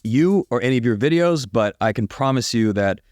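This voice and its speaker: An upbeat, friendly man hosts a podcast, delivering a promotional intro and easy questions. Soft music runs faintly beneath his voice. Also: mid-range voice, lively intonation, brisk, no echo. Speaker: podcast host. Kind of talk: scripted podcast intro and interview.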